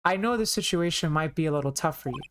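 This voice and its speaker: A woman's voice: deep voice, expressive, quick pace, a little hiss or hum. Woman reading a flustered young lawyer. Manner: flustered, stammering. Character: nervous young male defense lawyer.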